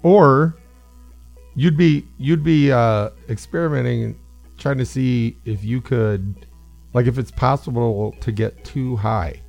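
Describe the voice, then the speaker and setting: Casual podcast guy, gravelly, rambling anecdote, faint music underneath. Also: mid-range voice, slow, darkish tone, muffled recording. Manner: rambling storyteller, acts out quotes. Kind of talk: casual chat.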